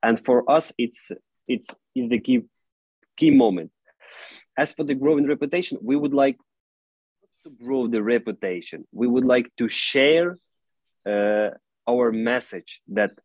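A man, an English speaker, answering interview questions in an earnest, halting way with frequent "you know" fillers. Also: mid-range voice, a little mellow, no room sound, rough recording. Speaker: football club director, guest.

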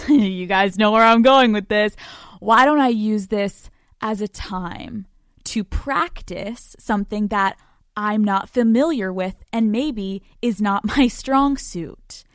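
A woman in her twenties hosts a podcast, delivering a comedic monologue in a brash, profane style, laughing a lot and performing dialogue. Her medium-pitched voice is clear and resonant, and she takes her time, heard in a dry, clean studio recording.

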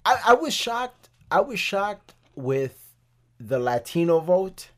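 A man's voice: high-pitched, sing-song, takes it slowly, fairly bright tone. Blunt, profane podcast co-host man. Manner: blunt, profane, says "like" and "you know what I'm saying" often. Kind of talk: casual chat.

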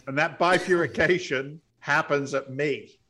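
Brief: middle-aged male guest, blunt storyteller, slightly high voice. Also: slow. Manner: blunt, salty, animated storyteller. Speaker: podcast guest, real estate investor. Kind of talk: storytelling interview.

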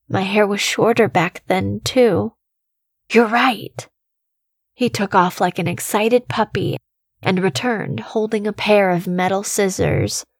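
A woman reading a scripted horror story in the first person, slow and measured, with a quiet tension running through her storytelling. Her voice sits close to the mic in a dry, dead space. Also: medium pitch, no room sound. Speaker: narrator.

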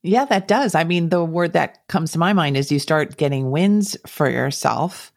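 A podcast host speaks at a middling pitch, thoughtful and measured as they sum up the guest's points. The sound is close and dry, with no room around the voice. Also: vocal fry, no echo. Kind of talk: conversational interview reflection.

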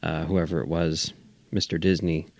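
A man's voice: sits low, normal speed, no room sound. A man talking as a podcast guest in casual chat, acting out his reactions. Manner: animated, acts out his own reactions.

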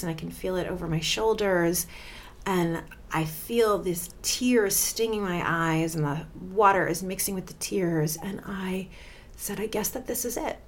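A woman's voice: on the low side, a bit bright. A woman in her thirties hosting her own podcast, talking candidly and emphatically as a life coach and swearing freely. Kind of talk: personal podcast monologue.

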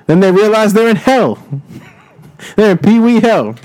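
A man's voice: high-pitched, big pitch swings, measured pace, darkish tone, low-quality recording. A young man improvising a rambling, profane comedy story and laughing along as he tells it.

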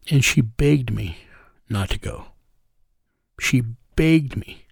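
A man who is a guest in an interview, telling a personal story in an earnest, plain-spoken way and slowing down on emotional moments. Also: medium pitch, gravelly, a little mellow, no echo, clean studio sound.

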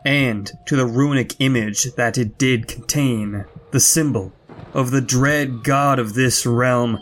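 A man reading a spooky fantasy story aloud in a measured, dramatic way. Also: mid-range voice, fairly even intonation, a bit bright, slight background noise.

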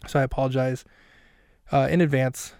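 A man's voice: mid-range voice, flat delivery, normal speed, gravelly, darkish tone, clean tone, no room sound, clean studio sound. A man hosting a podcast who recaps a film scene by scene in a rambling, self-mocking way with plenty of fillers. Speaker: podcast host.

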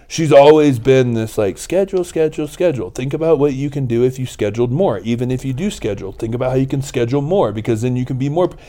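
A man co-hosting a relaxed podcast, talking in a loose, rambling way with some casual swearing. His voice is mellow and dark, sitting at an ordinary middle pitch. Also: fast talker, few pauses. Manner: rambling and candid, with mild swearing. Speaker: podcast co-host. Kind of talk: casual chat.

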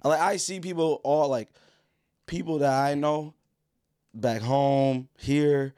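A man co-hosting a podcast in casual chat, his voice hoarse from losing it, laid-back and joking with plenty of slang. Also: on the high side, fairly even intonation, slow pace, mellow, no echo, studio quality. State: hoarse, lost voice. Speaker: podcast co-host.

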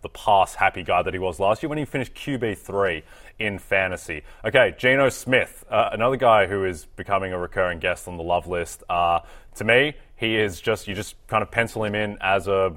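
A man's voice: low-pitched, a little fast, fairly bright tone. A man co-hosting a fantasy football talk show, easygoing, laughing readily and answering with short agreements. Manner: easygoing, laughs often, brief agreeing replies. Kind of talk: casual sports talk.

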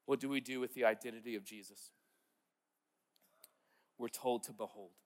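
A man's voice: mid-range voice, steady tone, normal speed, big-room sound. A man preaching a sermon in an earnest, conversational way, repeating key words for emphasis. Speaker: pastor.

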